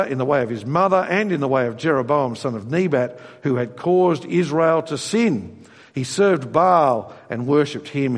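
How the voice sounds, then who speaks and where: A man preaching a sermon, expressive and conversational, briefly acting out voices when he quotes. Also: medium pitch, long reverb tail.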